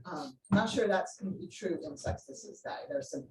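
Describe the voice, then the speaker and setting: A woman's voice: lowish voice, animated, normal speed, a little mellow. A woman giving an academic seminar lecture, explaining as she goes with frequent ums and answering questions from the room. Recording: echoey room, voice a bit distant.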